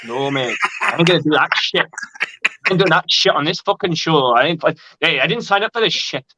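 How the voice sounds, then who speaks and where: A man doing a stubborn, swearing Scottish man who flatly refuses. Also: a little high, a little fast, noisy background, natural voice. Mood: defiant. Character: gruff grumbling Scottish man.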